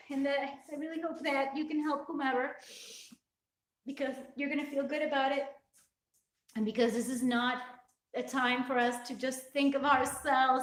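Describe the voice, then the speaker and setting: Tearful high-voiced woman in echoey room. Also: distant mic. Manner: heartfelt, rambling, earnest. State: tearful, crying. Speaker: fitness vlogger hosting a livestream. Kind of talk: emotional live-stream talk to viewers.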